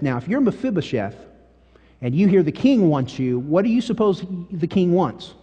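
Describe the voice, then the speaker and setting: A man preaching a sermon as pastor, telling stories emphatically, swinging from quiet to loud. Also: a little high, moderate pace. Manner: emphatic, animated storytelling with big swings in volume. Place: church sanctuary. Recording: long church-hall reverb.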